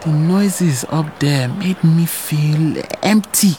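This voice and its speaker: A woman narrating a story in the first person, hushed and wondering. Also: sits low, takes it slowly, a little hiss or hum.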